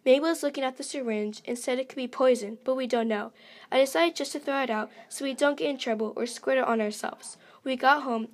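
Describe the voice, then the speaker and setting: A woman reading her own story aloud in a plain, earnest way, with simple phrasing. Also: a little high.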